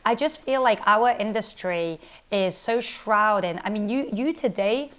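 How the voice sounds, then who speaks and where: A woman who founded a company, talking casually in an interview, quick and animated, full of "like" and "literally". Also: mid-range voice. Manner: fast, animated, heavy use of "like" and "literally". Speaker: startup founder and CEO, interview guest.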